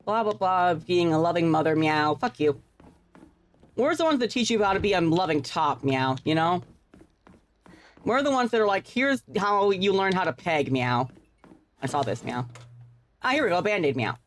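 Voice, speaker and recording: A woman's voice: lowish voice, animated, moderate pace, long pauses, slight background noise. A woman streamer giving playful, profane live gameplay commentary, tacking "meow" onto her sentences. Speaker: game streamer.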